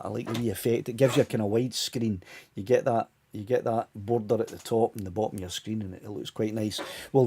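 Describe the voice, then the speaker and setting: A man's voice: medium pitch, mellow, breathy edge. A Scottish man of about sixty hosting a casual live stream chat, rambling along with many restarts and little chuckles while his voice tires. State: voice tiring, fading.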